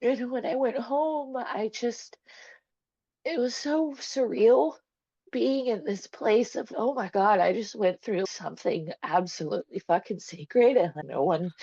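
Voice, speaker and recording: A woman's voice: a little high, measured pace, mellow, breathy edge, no room sound. A young woman telling a personal story as a podcast guest, candid and emotional, swearing freely and laughing often. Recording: dull, dry, lo-fi podcast sound.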